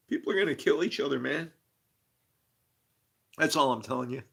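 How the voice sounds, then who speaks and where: A man's voice: a little high, creaky, fairly bright tone, slightly rough. A man on a rambling live stream, exasperated, swearing and laughing as he talks to his viewers. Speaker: streamer studying scripture.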